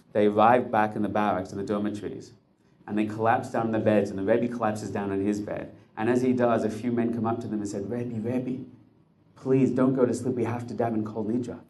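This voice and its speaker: A man's voice: on the low side, a little mellow. A man telling a dramatic story to listeners, building suspense with short, punchy phrases.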